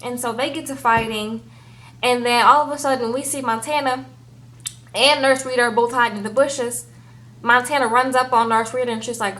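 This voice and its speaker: A woman giving a casual, animated recap of a TV episode, peppering it with "girl" and "okay?". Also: a little high, moderate pace, poor audio. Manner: chatty, animated, says "girl" and "okay?" often. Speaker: TV show recap reviewer.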